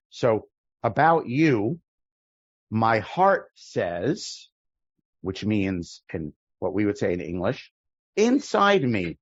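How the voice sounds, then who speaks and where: A rabbi teaching a class in an unhurried, low voice. He explains the text line by line in a thoughtful way, often pausing and restarting his sentences. The sound is dull, lo-fi video-call audio with a dry, close feel. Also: husky, dry recording.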